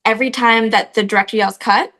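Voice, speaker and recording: A young actress chatting as an interview guest, telling stories with frequent filler words. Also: female voice, a little high, steady tone, fast talker, sharp tone. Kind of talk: casual interview chat.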